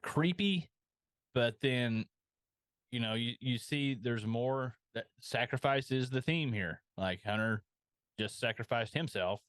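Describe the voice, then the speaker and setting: A man's voice: mid-range voice, measured pace, fairly bright tone, no echo. A man co-hosting a podcast, talking casually about an episode with many ums and restarts. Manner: hesitant, lots of ums and restarts. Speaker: podcast co-host.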